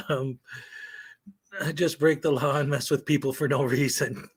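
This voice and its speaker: On a live stream, a middle-aged American man with a slightly high voice for a man rambles and offers strong opinions. He fills gaps with fillers and brief laughs, letting sentences run into each other. His intonation stays fairly even, his pace is a bit slow, and his voice has a slight roughness.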